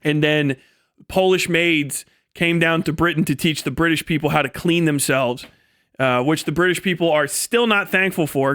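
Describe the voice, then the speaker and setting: A man with a fairly high voice, hosting a live stream. He rants in a rambling, profane, mocking comedic style, and breaks into laughs now and then. The recording is dry and close, with no room echo. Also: moderate pace, fairly bright tone, clear, resonant tone. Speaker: livestream host.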